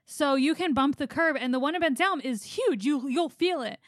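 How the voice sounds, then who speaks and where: A woman's voice: sits high, expressive, fairly quick, no echo, studio quality. A woman from the Philadelphia area, co-hosting a casual podcast and telling chatty stories. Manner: chatty storyteller, quotes people. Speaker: podcast co-host. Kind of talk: casual chat.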